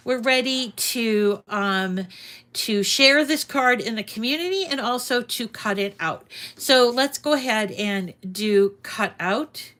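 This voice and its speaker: With a medium-pitched, slightly bright voice, a crafting channel host walks viewers through a casual home screen-share tutorial. She sounds slightly winded, wandering chattily and often restarting or saying um.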